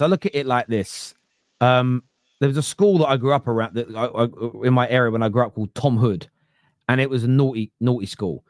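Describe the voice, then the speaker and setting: Animated male football podcast host. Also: medium pitch, no echo, clean studio sound. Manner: animated, stumbling over words. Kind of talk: casual fan podcast chat.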